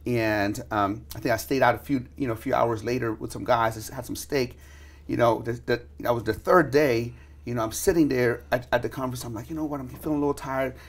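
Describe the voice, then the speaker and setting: A man hosting a casual interview, telling stories excitedly and leaning heavily on filler words. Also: mid-range voice, a little fast. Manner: excitable storyteller, heavy "you know" fillers. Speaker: podcast host.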